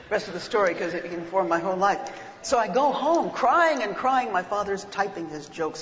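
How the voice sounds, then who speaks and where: A woman's voice: mid-range voice, slight background noise. Older woman telling a comic story, echoey. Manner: animated, comic, theatrical. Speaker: speaker. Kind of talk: humorous storytelling talk to an audience. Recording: muffled echoey hall recording.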